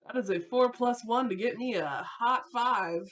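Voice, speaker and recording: A woman's voice: a little high, measured pace, a bit bright. A woman playing in a tabletop role-playing game, chatting casually with many fillers. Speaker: player.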